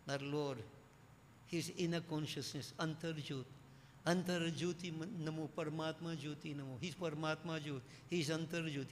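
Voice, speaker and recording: A man preaching a sermon to devotees, emphatic and repeating key phrases, swelling louder on his main points. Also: fairly high pitch, slight background noise. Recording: echoey hall with faint ambience.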